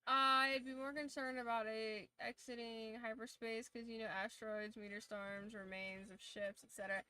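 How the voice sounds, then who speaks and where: A woman's voice: fairly high pitch, level tone, normal speed, sharp tone, clear, resonant tone. A young woman streamer chatting casually with her viewers during a watch-along, swearing and reacting as she goes.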